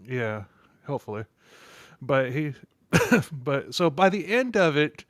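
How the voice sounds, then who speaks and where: A man's voice: fairly high pitch, animated, unhurried, no echo, studio quality. A man hosting a podcast in casual chat, rambling with frequent restarts and laughing often. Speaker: podcast host.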